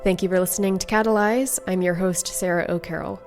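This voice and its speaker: A woman hosting a podcast, reading a scripted intro and outro in a measured, even way. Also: on the low side, faint music behind. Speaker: podcast host.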